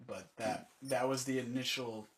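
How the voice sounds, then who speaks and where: A man's voice: mid-range voice, steady tone, normal speed, a bit bright. A man who is a podcast guest, telling a story in casual chat and acting out the quotes as he goes.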